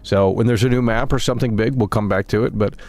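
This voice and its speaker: A man's voice: lowish voice, steady tone, fast, a little mellow. A male gaming streamer talking casually on a live stream, rambling and matter-of-fact while he calls on viewers to engage.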